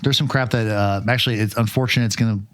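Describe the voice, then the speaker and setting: A man's voice: lowish voice, fairly even intonation, fast, a bit bright, smooth. A man co-hosting a podcast, talking casually about a book in a rambling way, with frequent fillers and the odd swear word. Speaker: podcast co-host.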